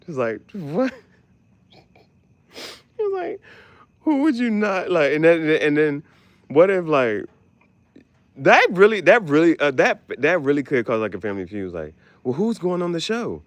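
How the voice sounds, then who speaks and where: A man hosting a casual podcast chat, animated and profane, often jumping into squeaky exclamations. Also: unhurried, long pauses, no room sound. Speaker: podcast host.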